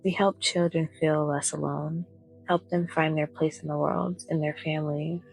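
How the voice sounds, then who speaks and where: A woman reading the lines of a tender, sorrowful male imaginary friend in a soft-spoken bedtime story. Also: sits low, fairly even intonation, moderate pace, gravelly, faint music behind, rough recording. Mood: gentle.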